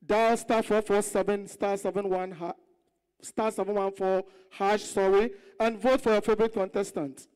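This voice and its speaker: Host yelling announcements on stage, smooth voice, big hall reverb. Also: medium pitch, level tone, moderate pace. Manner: loud and repeats phrases. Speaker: show host. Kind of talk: live show announcing.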